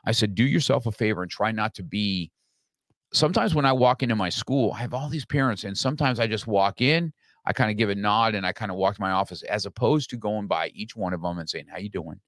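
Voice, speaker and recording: A middle-aged man hosting an interview in a brash, animated, direct way. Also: fairly low pitch, fast, dry recording, clean studio sound. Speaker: podcast host. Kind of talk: conversational interview.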